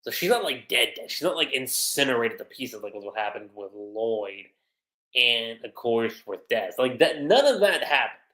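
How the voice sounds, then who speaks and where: A man giving casual livestream commentary as a manga reviewer, chatty and animated. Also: medium pitch, moderate pace, echoey room. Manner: animated, chatty, frequent laughter and fillers.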